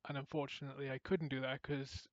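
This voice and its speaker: Here a man co-hosts a podcast in a fast, mid-range voice, recorded dry with a dull lo-fi quality. It's casual conversation, and he's an animated storyteller who voices the quotes of the characters in his anecdotes.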